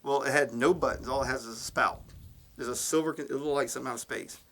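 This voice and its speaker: A man's voice: mid-range voice, fast, creaky, a bit bright. A man co-hosting a casual podcast, telling rambling stories and laughing at them as he goes. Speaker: podcast co-host. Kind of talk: casual storytelling chat.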